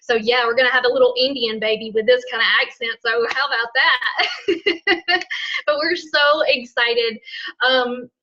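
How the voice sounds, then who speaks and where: A woman's voice: fairly high pitch, unhurried. Chatty Southern woman on a muffled call. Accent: Southern US (Alabama). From Alabama, USA. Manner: chatty and excitable, laughs often, rambling asides. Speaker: guest speaker. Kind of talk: casual talk on a team call. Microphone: online call. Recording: dull lo-fi call audio.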